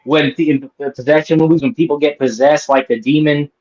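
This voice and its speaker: A man retelling a movie plot in a loose, rambling way, full of fillers, restarts and swearing. His voice sits a bit high for a man. The sound is dull and lo-fi. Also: steady tone, a little fast, darkish tone. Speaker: host. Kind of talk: casual movie review chat.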